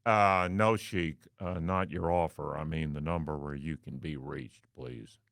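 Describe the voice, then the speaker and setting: A man voicing a cool, businesslike, unfazed bank manager, flat and bland. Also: a bass voice, measured pace, creaky, no echo, pitched below the performer's own voice, full character voice.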